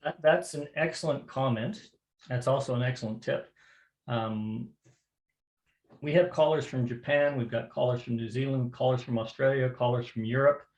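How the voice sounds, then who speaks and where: A man's voice: mid-range voice, normal speed, darkish tone, roomy sound. A man instructing a square dance calling class, talking conversationally and repeating words as he explains. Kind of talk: online class teaching.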